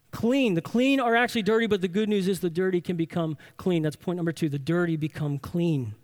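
A man with a notably high speaking voice delivers a sermon with emphatic conviction. He drives his points home by repeating key phrases and posing rhetorical questions to the room. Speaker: pastor.

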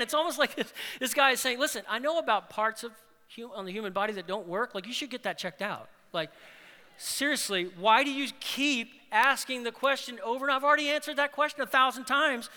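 A man preaching a sermon as pastor, animated, swinging between loud emphatic lines and hushed ones. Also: very high voice, fairly quick, big-room sound.

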